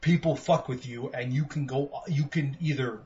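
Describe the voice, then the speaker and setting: A man co-hosting a podcast game review, ranting profanely and excitedly while acting out quotes. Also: medium pitch, normal speed. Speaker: podcast co-host. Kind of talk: casual game review chat. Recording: dull lo-fi sound with faint noise.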